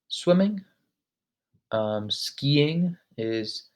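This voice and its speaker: A man walks through vocabulary in a loose, unscripted way. He drops frequent "um"s and says each new word slowly before repeating it. His voice sits at an ordinary middle pitch. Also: darkish tone. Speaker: language lesson host. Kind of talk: casual vocabulary lesson.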